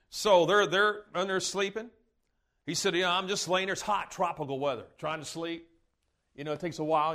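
A man's voice: high voice, a bit bright. A man preaching, telling rambling folksy stories and laughing along at them. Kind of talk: sermon storytelling.

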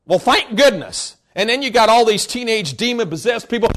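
A man preaching a sermon, emphatic and scolding, bursting into shouts and stretching words for emphasis. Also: high voice, very animated, fairly quick, hardly any pauses, slight background noise.

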